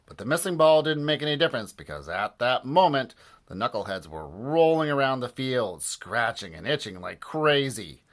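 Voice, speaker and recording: A man reading a children's book aloud with a bouncy, animated lilt that swoops up and down. His voice sits at an ordinary middle pitch, and his playful delivery keeps the story moving. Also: moderate pace. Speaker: storybook reader.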